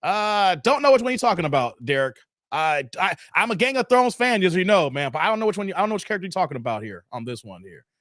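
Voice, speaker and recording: A man's voice: high voice, sing-song, quick pace, fairly bright tone, dry recording, studio quality. A man hosting a casual live stream, chatting loosely with viewers, answering their comments and often tossing in "man". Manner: brash and defiant toward critics.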